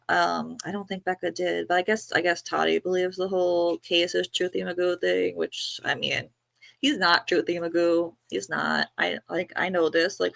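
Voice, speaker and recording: A woman's voice: lowish voice, gravelly, fairly bright tone, no echo. A woman from New York co-hosting a livestream, chatting casually and gossiping with lots of fillers. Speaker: livestream co-host.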